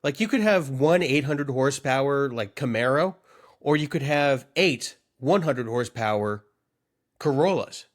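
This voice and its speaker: A man's voice: mid-range voice, lively intonation, measured pace. A man co-hosting a comedy podcast, riffing in a rambling, mock-earnest way. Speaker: podcast co-host. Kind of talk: comedic casual chat.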